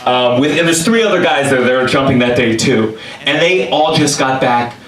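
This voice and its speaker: A male comedian telling a story on stage, animated and exaggerated, sometimes shouting. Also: medium pitch, moderate pace. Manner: animated, exaggerated quoted voices, bursts of shouting. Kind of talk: stand-up storytelling. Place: club stage with a laughing audience. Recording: echoey room, mic from a distance, crowd laughter.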